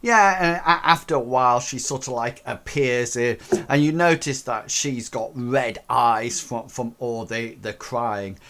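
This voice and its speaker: A man's voice: medium pitch, measured pace, hardly any pauses, fairly bright tone. A man running a tabletop game as game master, narrating in a rambling way full of "sort of, like" fillers.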